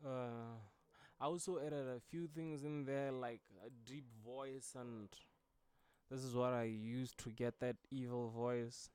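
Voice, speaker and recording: A man's voice: medium pitch, fairly even intonation, slow, a little mellow, smooth. A man, a music producer, talking through his vocal mix in a loose, casual tutorial way with many fillers. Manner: laid-back, loose, with frequent fillers.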